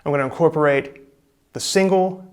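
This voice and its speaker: A man teaching drum rudiments in relaxed, casual talk, walking through each stroke step by step. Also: a little high, normal speed. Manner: relaxed, explains step by step, counts in. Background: drums.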